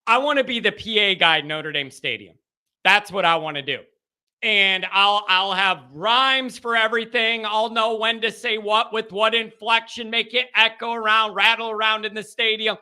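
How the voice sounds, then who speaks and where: Male call-in host, high bright voice, animated and rambling. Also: normal speed, smooth. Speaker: show host. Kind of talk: live call-in show chat.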